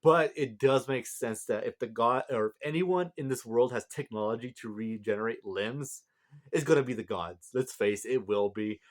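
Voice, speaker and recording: A man's voice: medium pitch, moderate pace. A tired man recapping a manga chapter in a casual, rambling way with many fillers and restarts. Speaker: manga reviewer.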